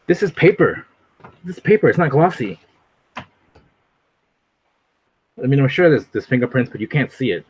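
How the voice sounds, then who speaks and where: A man's voice: mid-range voice, normal speed, pauses often, husky. A man chatting casually on a livestream, rambling and hopping from one thing to the next. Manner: rambling, animated, jumps between topics. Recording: dull lo-fi recording.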